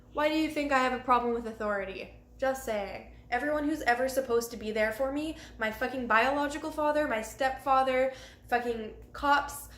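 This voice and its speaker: A woman's voice: a little high, fairly bright tone. A young woman telling her own life story to the camera, candid and raw, with frequent swearing. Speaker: vlogger. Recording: roomy echo with faint ambient noise.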